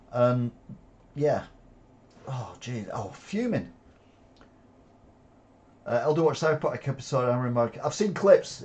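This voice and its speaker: A man with a mellow, dark-toned voice reads headlines and cuts in with sardonic opinions. He swears freely and chuckles at the absurd stories. It sounds like a casual news commentary vlog. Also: a little high.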